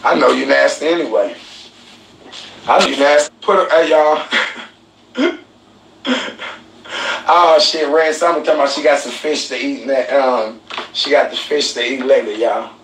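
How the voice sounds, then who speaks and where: A man's voice: mid-range voice, measured pace, vocal fry, pauses often, fairly bright tone, distant mic. A man hosting a live stream, telling a story in a casual, profane way, mocking people and laughing at his own insults. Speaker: live-stream podcast host. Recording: roomy, off-mic, faint noise.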